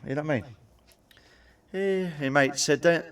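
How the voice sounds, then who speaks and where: A man's voice: fairly high pitch, moderate pace, smooth, distant mic. A man telling blunt, sweary stand-up jokes and tagging them with cheeky questions. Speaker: stand-up comedian. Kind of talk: stand-up joke monologue.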